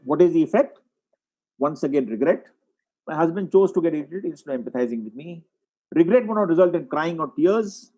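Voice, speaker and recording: Throat-clearing man lecturing. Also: on the high side, expressive, fairly quick, mellow, highs cut off. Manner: explains with case examples, frequent throat clearing. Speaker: psychiatrist lecturing. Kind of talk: webinar lecture. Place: online webinar.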